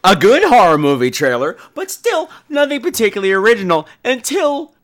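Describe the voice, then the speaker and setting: A man's voice: sits high, big pitch swings, brisk. A man hosting a podcast, talking in a sassy, campy, profane and theatrical way. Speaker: podcast host. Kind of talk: casual review podcast.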